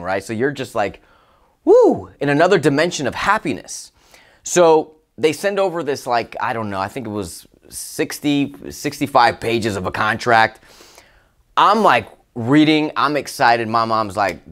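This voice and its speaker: A man who works as a life coach, telling a personal story to camera in a casual, motivational way, expressive and excitable, with loud exclamations. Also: medium pitch, unhurried. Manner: expressive and excitable, with exclamations and big swings in loudness.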